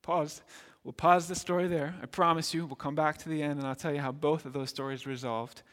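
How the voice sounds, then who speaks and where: A man's voice: on the high side, steady tone, fairly quick, a bit bright. Male pastor, from Milwaukee, earnest storytelling sermon, repeats himself, raised voice, echoing hall. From Milwaukee, United States. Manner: earnest, conversational, repeats words while storytelling. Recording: long hall reverb.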